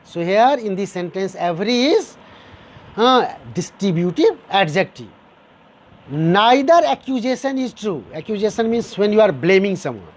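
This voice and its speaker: A man with a high voice and big pitch swings teaches a grammar lesson at normal speed. He repeats each example sentence and explains it step by step, addressing his listeners as dear students.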